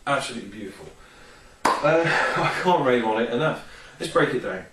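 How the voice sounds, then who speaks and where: A man's voice: medium pitch, animated, moderate pace, heavy background noise. A man reviewing a product in a casual, rambling vlog, full of ums and enthusiasm. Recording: roomy, distant from the mic.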